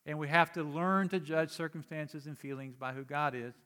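A man preaching a sermon in a conversational way, moving from quiet explanation to emphatic urging. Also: a little high, normal speed, clear, resonant tone. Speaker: pastor.

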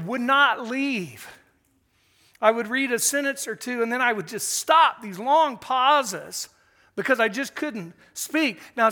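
An older man telling a story in an earnest, emotional sermon style, pausing as he speaks. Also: extremely high pitch, pushed and bright.

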